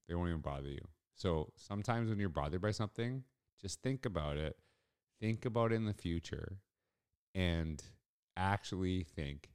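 A man's voice: deep voice, a little mellow, clear, resonant tone. A middle-aged man hosting a solo podcast, telling a personal story in a casual, rambling way with restarts. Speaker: podcast host.

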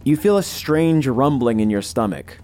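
A man narrating a tabletop game as game master, in a slow, dramatic manner. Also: mid-range voice, animated, a little mellow.

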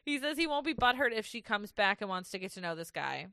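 A woman's voice: mid-range voice, very animated, fast, creaky, pushed and bright, smooth, no echo, studio quality. A woman co-hosting a podcast, recapping a reality show in casual chat. She swears freely and sounds exasperated, often laughing. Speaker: podcast co-host.

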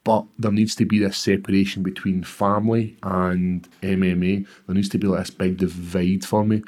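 A man's voice: low-pitched, flat delivery, moderate pace, a little mellow. A Scottish man in his thirties, a professional fighter telling his story candidly and bluntly in an interview, swearing freely.

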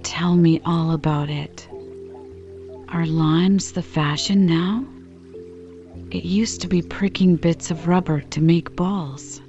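A woman's voice: on the low side, slow pace, faint music behind. Meg, a kindly older sister, read by a woman. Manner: kind, calm. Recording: slightly dull lo-fi recording.

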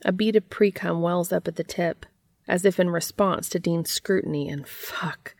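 A woman reads a story aloud in a steady, even way. Her voice sits low with a gravelly fry. The recording is dry and close. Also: normal speed, dry recording. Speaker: narrator. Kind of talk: reading fiction aloud.

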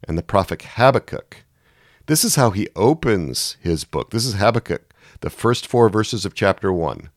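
Man, low voice, dry close sound, sermon, dramatic scripture reading. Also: big pitch swings, moderate pace, no echo. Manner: reads verses with rising anguished intensity. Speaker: preacher.

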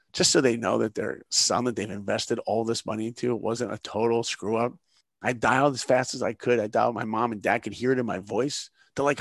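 A man's voice: medium pitch, gravelly, breathy edge, dry recording, studio quality. A middle-aged man from New York, a guest in an interview, telling a story and acting out the voices in it. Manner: animated storyteller, acts out dialogue.

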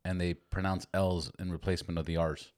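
A man's voice: low voice, level tone, brisk, darkish tone. A man hosting a podcast in casual chat, laid-back and swearing casually, in a small garage room. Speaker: podcast host.

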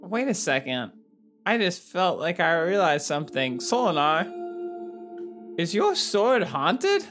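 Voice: medium pitch, very animated, music in the background. A player in a tabletop game, talking in a playful, jokey way. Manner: playful, jokey, quick to laugh. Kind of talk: joking tabletop game chat.

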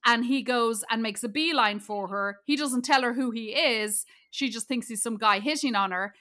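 A woman's voice: on the high side, moderate pace, bright, forceful tone. A woman co-hosting a podcast, chatting bluntly about a film with lots of ums and casual swearing. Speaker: podcast co-host. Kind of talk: casual chat reviewing a film.

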